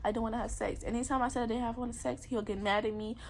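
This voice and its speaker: A woman's voice: a little high, fairly even intonation, rapid-fire, creaky, a little hiss or hum. A young woman candidly telling a painful personal story in a confessional vlog, emotional and rambling.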